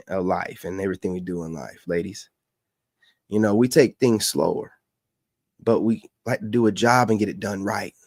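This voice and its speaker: A man's voice: fairly low pitch, darkish tone, no room sound, clean studio sound. A man from the Carolinas giving casual reaction commentary, lecturing and repeating his points for emphasis.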